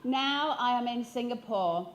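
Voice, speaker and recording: On stage, a woman in her fifties from England, with a Yorkshire accent, shares a motivational, storytelling keynote full of humor and play, putting questions to the audience. She speaks a little slowly in a slightly high voice.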